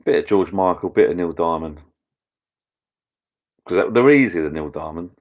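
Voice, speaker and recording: A middle-aged man hosting a casual live chat with viewers from his backyard pub shed, rambling and getting easily excited. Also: deep voice, normal speed. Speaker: channel host. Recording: dull lo-fi sound.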